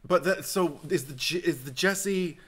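A man co-hosting a podcast in animated, teasing banter, laughing often. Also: a little high, a little slow, husky. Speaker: podcast co-host. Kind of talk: casual chat.

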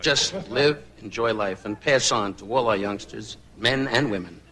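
A man doing an insult comedy roast with needling, mock-insulting jabs and sudden loud asides, recorded as an archival clip in a large banquet hall. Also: lowish voice, normal speed. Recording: archival clip with roomy echo, loud laughter.

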